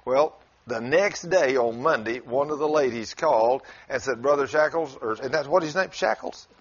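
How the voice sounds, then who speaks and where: A man's voice: medium pitch, normal speed. A man who preaches, telling a story in casual conversation in a folksy way and chuckling as he goes. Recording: dull lo-fi recording.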